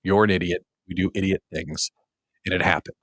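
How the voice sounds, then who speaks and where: A man's voice: low voice, little pitch movement, brisk, fairly bright tone, no room sound. A man hosting a small business show, telling stories in a casual, self-mocking way and acting out his own past thoughts. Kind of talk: casual livestream monologue.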